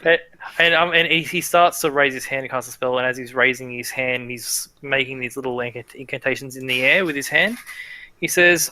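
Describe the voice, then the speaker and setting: A male game master narrating a tabletop game in a casual way, full of loose fillers. His voice is bright and forward, with a medium pitch. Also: fairly quick, dry recording.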